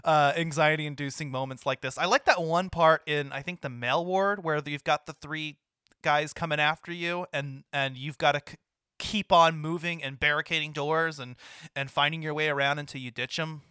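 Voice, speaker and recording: A man chats casually about a game he played, circling back and restarting his sentences as he goes. His voice is bright and sits a little high, and the sound is close and dry. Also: fairly even intonation, normal speed, clear, resonant tone, no echo. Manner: rambling with many restarts and laughs. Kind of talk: casual gaming chat.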